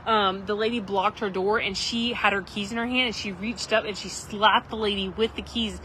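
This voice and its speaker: A woman's voice: mid-range voice, steady tone, normal speed, bright, forceful tone, rough recording. Lady in her 30s livestreaming from a campground, chatty and rambly, faint outdoor noise. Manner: rambling, chatty, frequent "like" and "literally". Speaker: livestream host. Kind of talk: casual storytelling to live viewers.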